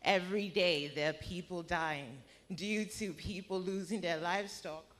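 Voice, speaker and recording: A woman's voice: lowish voice, a little slow, fairly bright tone. A woman radio presenter, slightly out of breath, asking impassioned rhetorical questions from the gallery of a large conference hall.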